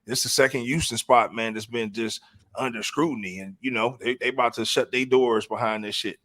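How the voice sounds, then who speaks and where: A man's voice: mid-range voice, steady tone, brisk, a bit bright, no echo, studio quality. A man hosting a casual talk show, riffing with slang and many stumbling restarts. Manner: loose, repetitive, frequent restarts and slang. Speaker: podcast host.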